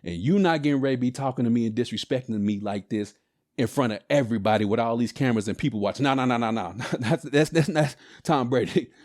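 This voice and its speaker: A man hosting a casual sports podcast, ranting in an animated, exasperated, slangy way. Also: medium pitch, fast talker. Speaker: podcast host. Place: home, recording a podcast on camera.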